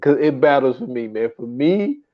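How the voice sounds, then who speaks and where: A man co-hosting a casual movie podcast, rambling with halting starts and bursts of laughter. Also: mid-range voice, lively intonation. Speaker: podcast co-host. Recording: dull lo-fi mic.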